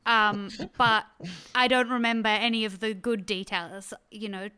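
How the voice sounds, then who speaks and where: A woman's voice: mid-range voice, steady tone, measured pace, pushed and bright, smooth. A woman comedian playing a quiz, chatty and rambling, often amused. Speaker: comedian contestant. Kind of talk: casual comedy banter.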